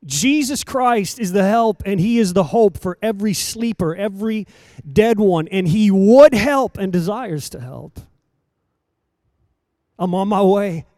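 High-voiced preacher man, dry and close. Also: expressive, measured pace, no room sound. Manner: dramatic, swinging between soft and loud emphasis. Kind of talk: sermon.

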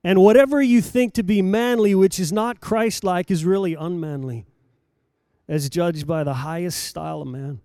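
A man with a high voice delivers a dramatic sermon. He swings from hushed, quiet passages to loud, urgent calls, firing repeated rhetorical questions at his listeners. The sound is dry and close, with no room echo. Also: moderate pace, smooth. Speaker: preacher.

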